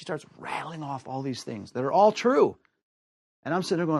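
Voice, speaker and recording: A man from the United States telling a personal story in an animated way, acting out the voices of the people in it. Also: brisk, slightly rough, no room sound, studio quality. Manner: acts out quoted voices with big pitch swings. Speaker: storyteller guest.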